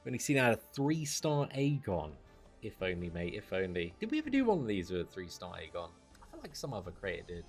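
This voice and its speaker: Laid back gamer dude streaming, lowish voice that jumps around a lot, bit of music behind. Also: male voice, huge pitch swings, fairly quick. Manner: chatty, self-deprecating, says mate and dude a lot. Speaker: game streamer. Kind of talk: casual live gameplay commentary.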